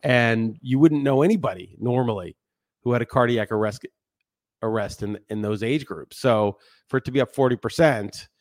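A man's voice: mid-range voice, moderate pace, dry recording, studio quality. A man hosting a solo podcast, talking in a heated, profane, ranting way. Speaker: podcast host.

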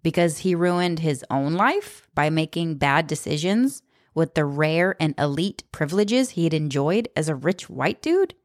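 A woman's voice: low-pitched, expressive, a little slow, dry recording, clean studio sound. A woman in her thirties giving blunt, sarcastic spoken commentary, swearing freely. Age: 30s. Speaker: book commentator.

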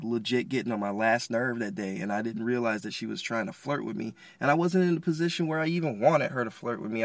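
A man's voice: mid-range voice, fairly bright tone, dry recording, clean studio sound. A man hosting a podcast, giving a casual, rambling devotional talk full of slang and restarts. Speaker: podcast host.

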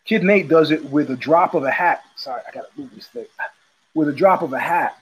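A man's voice: fairly high pitch, brisk, husky, low-quality recording. A man hosting his own show, telling stories in a blunt, profane, casual monologue and repeating phrases for emphasis. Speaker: podcast host.

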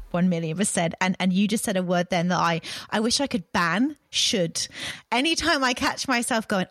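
A woman hosting a podcast in a casual, agreeable way, with quick backchannels. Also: mid-range voice, no room sound. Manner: warmly agreeing, many backchannels. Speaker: podcast host.

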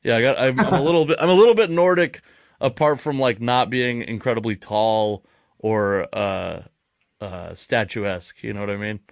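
A man's voice: mid-range voice, moderate pace, gravelly, dry recording, studio quality. A man hosting a podcast in a jokey, self-deprecating way. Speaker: podcast host. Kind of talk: casual podcast chat.

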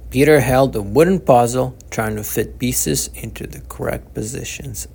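A man reading his own novel aloud as the author, narrating in a steady, measured way. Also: medium pitch, creaky, husky. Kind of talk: audiobook narration.

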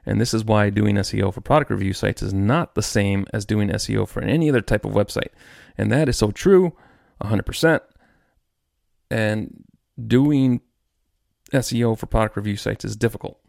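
A man's voice: lowish voice, fairly even intonation, normal speed, creaky, darkish tone, dry recording, clean studio sound. A man hosting his own podcast, ranting in a frustrated, rambling way with many restarts. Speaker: podcast host. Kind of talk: solo podcast rant.

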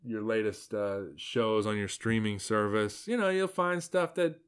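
A man's voice: fairly low pitch, measured pace, clear, resonant tone. A man hosting a podcast, giving rambling, sarcastic commentary on his own essay with frequent asides. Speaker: podcast host.

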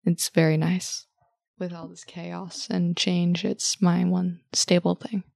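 A young woman talks as a podcast guest in an upbeat, easygoing way and laughs often. Her voice sits a little low. The sound is dry and close. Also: little pitch movement, slow pace, gravelly, a little mellow, no room sound. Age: young adult. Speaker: guest, host's daughter. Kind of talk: casual chat.

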